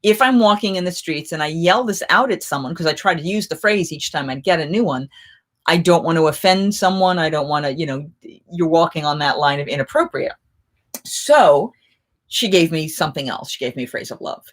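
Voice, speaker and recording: Middle-aged festival performer lady chatting away, animated storyteller, gets loud in bursts. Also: sits low, fairly quick. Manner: animated, with sudden jumps in loudness. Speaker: renaissance festival performer hosting a live chat. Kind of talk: casual anecdotal storytelling.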